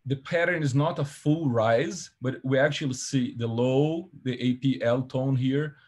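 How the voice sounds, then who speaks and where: A man giving an academic seminar talk at a medium pitch, with a husky edge to his voice. He explains carefully, pausing on fillers and correcting himself as he goes. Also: a little mellow. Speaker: seminar presenter.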